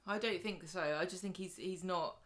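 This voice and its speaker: A woman's voice: on the low side, moderate pace, fairly bright tone. A woman co-hosting a podcast, chatting casually about a soap with joking asides and playful quips. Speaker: podcast co-host. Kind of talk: casual chat recapping a soap.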